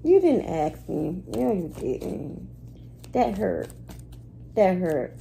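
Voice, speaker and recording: Woman host of a casual reading vlog; slow, candid and slangy delivery, deep dark timbre. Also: sing-song, gravelly, a little hiss or hum, rough recording. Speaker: astrology and spiritual reading host.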